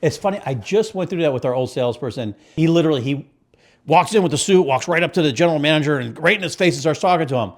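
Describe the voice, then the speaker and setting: A man with a Connecticut accent, co-hosting a podcast and telling stories in a casual, profane, animated way, acting out the people in them. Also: on the high side, fast. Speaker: podcast co-host. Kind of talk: casual storytelling chat.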